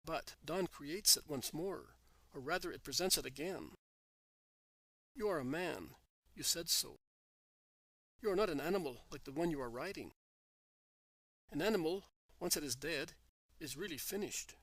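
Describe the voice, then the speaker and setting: A kind spiritual teacher speaks calmly and asks gentle questions, as a male reader takes his part. The voice is a little high and sounds dry and close. It is a plain storybook reading. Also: moderate pace, pauses often, dry recording, low-quality recording.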